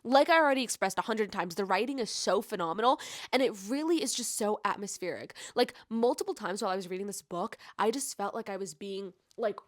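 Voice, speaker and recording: A woman reviewing a book in a casual vlog, gushing and effusive, peppering her talk with "like" and swinging from hushed tones to loud excited bursts. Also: medium pitch, a little fast, dry recording, studio quality. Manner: gushing, effusive, heavy use of filler "like". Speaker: book vlogger.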